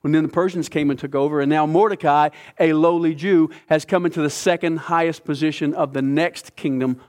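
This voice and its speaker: A man preaching a sermon, retelling a scripture story with lively asides. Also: on the high side, brisk. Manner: animated storytelling, acting out characters. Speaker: pastor.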